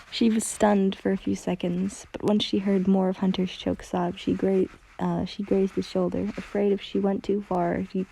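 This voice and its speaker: A woman's voice: medium pitch, creaky, mellow. A woman reading a fanfiction story aloud, often stumbling over words and correcting herself as she goes. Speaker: fanfiction reader.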